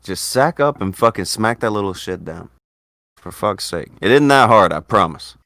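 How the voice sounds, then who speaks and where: Animated, profane male host ranting. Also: fairly low pitch, moderate pace, dry recording, studio quality. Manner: blunt, profane, exasperated ranting. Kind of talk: casual commentary chat.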